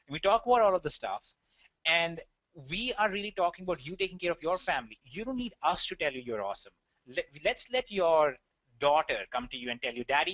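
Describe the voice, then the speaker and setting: A man's voice: a little high, fairly bright tone, no room sound. A man with an Indian accent presenting an online webinar, talking earnestly with a rambling delivery and many fillers.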